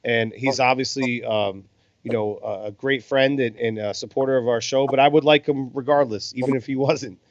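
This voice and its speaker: A man's voice: medium pitch, fairly even intonation, normal speed, no echo. Chill guy calling old fights over beers, dull lo-fi sound, swears a lot. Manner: laid-back, swears casually. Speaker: podcast co-host. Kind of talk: casual boxing commentary over beers. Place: home in Las Vegas.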